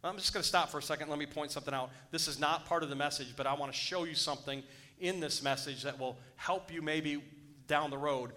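A pastor with a slightly high voice preaches at a quick pace, sounding pushed and bright. He reads scripture aloud, then breaks off to exhort his listeners, building to urgent appeals.

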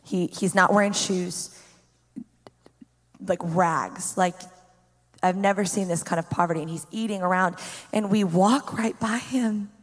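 A woman pastor telling a personal faith story in an animated way, with lots of "like" fillers. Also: lowish voice, a little slow, long reverb tail. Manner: animated storyteller, heavy use of "like".

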